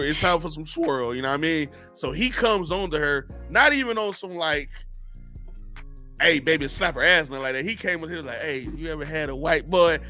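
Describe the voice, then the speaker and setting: A man's voice: a little high, bright, forceful tone. A man co-hosting a casual podcast, telling a wild drinking story with lots of slang, laughing as he goes. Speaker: podcast co-host.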